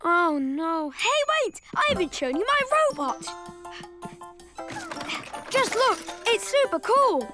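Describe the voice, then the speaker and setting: Simon, a bossy high little rabbit boy. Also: very animated, slow pace, pauses often, exaggerated voice. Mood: eager. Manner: bossy, exclamatory. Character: young boy rabbit, bossy big brother. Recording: music playing under the voice.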